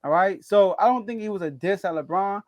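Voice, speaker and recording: A man co-hosting a casual sports podcast, animated and laughing often as he makes his case. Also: brisk, no room sound. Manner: animated, laughs often, rising pitch when excited. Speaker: podcast co-host.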